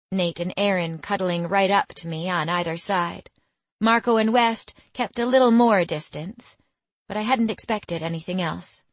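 A woman giving scripted first-person audiobook narration in a measured, intimate storytelling manner. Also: medium pitch, dry recording.

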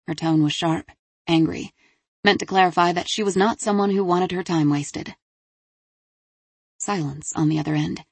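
Low-voiced woman narrating an audiobook. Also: breathy edge, no echo. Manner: steady, measured. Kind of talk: scripted narration.

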